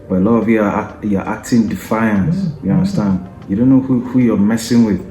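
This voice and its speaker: A man's voice: lowish voice, fairly even intonation, fairly quick, dark tone, echoey room. A man hosting a football podcast, delivering an opinionated, taunting rant and often adding "yeah?" and "you understand?" to press his point. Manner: taunting, combative, repeats tag questions like "yeah?" and "you understand?".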